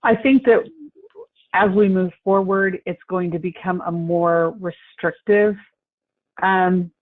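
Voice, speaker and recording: A man consulting on healthcare coding in a webinar discussion, explaining in a measured, deliberate way. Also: high voice, fairly even intonation, no echo. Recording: tinny phone-line audio.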